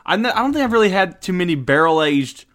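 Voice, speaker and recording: Male podcast host, casual and blunt, bright forceful voice, swears freely, excitable. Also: high voice, fast talker. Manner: blunt, excitable, swears and laughs often, many restarts. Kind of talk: casual podcast beer review and wrestling recap.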